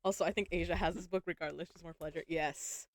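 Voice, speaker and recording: Her voice is on the low side, steady and fast as she reads a novel aloud on a home live stream. Between passages she chats with her audience, laughs frequently and swears casually.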